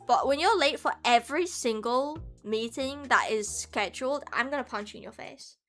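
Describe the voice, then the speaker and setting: A woman's voice: high-pitched, moderate pace, a bit bright, faint music behind. A woman streamer chatting casually with her viewers, venting animatedly and laughing often. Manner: chats back to viewers' messages. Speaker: VTuber streamer. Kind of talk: casual live-stream chat.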